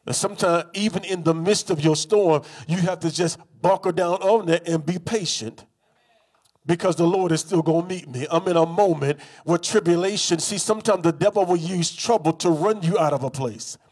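A man with a high-pitched voice preaching a sermon. He has the congregation repeat his phrases in call-and-response. His delivery is rhythmic and repetitive, and it builds into emphatic bursts. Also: moderate pace, darkish tone, slightly rough.

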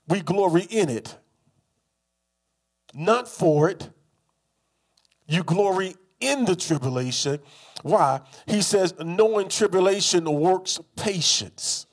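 A man with a high-pitched voice preaching a sermon. He has the congregation repeat his phrases in call-and-response. His delivery is rhythmic and repetitive, and it builds into emphatic bursts. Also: expressive, takes it slowly, pauses often.

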